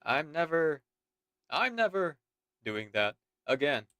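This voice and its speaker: A woman streamer reacting loudly and playfully while playing a game, out of breath. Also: sits low, slow, dry recording, clean studio sound. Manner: animated, exclamatory, playful. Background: music.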